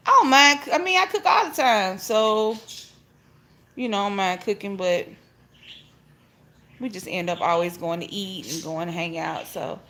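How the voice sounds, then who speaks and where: A woman's voice: expressive, normal speed, long pauses, pushed and bright, slight background noise. Sing-song chatty woman livestreaming from home. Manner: chatty, greets each viewer with a high sing-song "hey". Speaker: vlogger hosting a phone livestream. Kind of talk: casual livestream chat, greeting viewers. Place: at home, indoors. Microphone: phone held at arm's length. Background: pet birds chirping.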